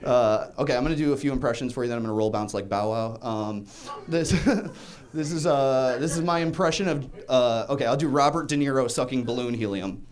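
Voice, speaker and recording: A man's voice: medium pitch, fairly quick. A young man doing a stand-up set in a comedy club, self-deprecating and rambling, chuckling between jokes.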